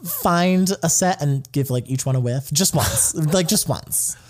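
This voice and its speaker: Male podcast co-host, bit higher voice, animated storyteller. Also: unhurried. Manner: animated storyteller, acts out quotes. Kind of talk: casual chat.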